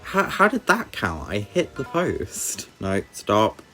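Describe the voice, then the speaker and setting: A man's voice: lowish voice, wildly swooping pitch, takes it slowly, pushed and bright, faint music behind. A young man giving wry, chatty gameplay commentary. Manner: wry, chatty, laughs at the game. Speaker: game commentator.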